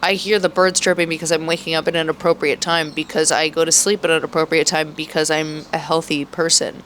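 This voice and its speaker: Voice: mid-range voice, flat delivery, a little fast, a bit bright, slight background noise. A thirty-year-old vlogger talking in a rambling, emotional way, full of swearing and fillers. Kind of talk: emotional personal vlog. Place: outdoors in Mexico, birds audible.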